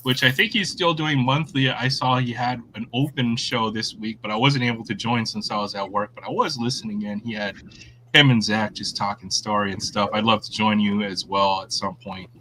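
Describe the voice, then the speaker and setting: Host, man, very bright tone, light hiss; easygoing rambling sports chat. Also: on the low side, fairly even intonation, moderate pace, low-quality recording. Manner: friendly, rambling, lots of fillers and restarts. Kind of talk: casual sports chat on a livestream.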